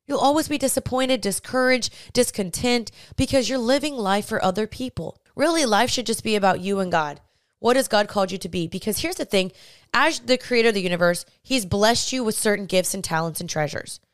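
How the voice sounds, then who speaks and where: A woman's voice: mid-range voice, expressive, brisk, clean tone, no echo, studio quality. A young woman hosting a podcast, giving earnest, chatty faith-based advice straight to her listeners. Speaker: podcast host.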